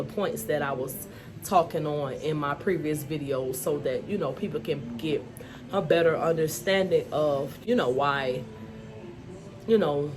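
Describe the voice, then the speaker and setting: A woman telling her own life story to the camera in a candid, emphatic way, often saying "you know" and "y'all". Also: sits low. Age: adult, mother of school-age children. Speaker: vlogger. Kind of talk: personal storytelling vlog.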